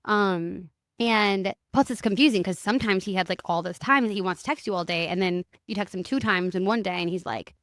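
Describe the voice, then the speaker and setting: A young woman hosts a podcast and tells a personal story in a candid, lively way, sometimes swearing and acting out the other person's lines. Her voice is smooth and clear, at a medium pitch. The recording is dry and close. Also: brisk, no echo. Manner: candid, animated, swears freely, acts out quoted dialogue. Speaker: podcast host. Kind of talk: casual confessional storytelling.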